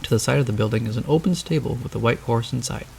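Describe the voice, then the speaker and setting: A man narrating a novelized story in a steady, descriptive reading. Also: medium pitch, quick pace, vocal fry, a little hiss or hum.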